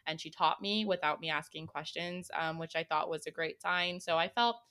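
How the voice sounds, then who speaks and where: A young woman co-hosting a casual chat, telling an animated story with frequent laughs. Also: deep voice, normal speed. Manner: animated storyteller, acts out quoted voices, laughs often. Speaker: co-host.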